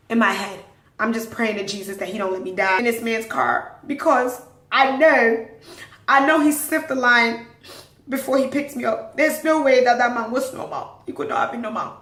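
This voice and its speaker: A woman's voice: on the high side, moderate pace. A young woman podcast host telling a wild story casually, acting out the quotes. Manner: animated, dramatic retelling with acted-out quotes. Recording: roomy, distant mic.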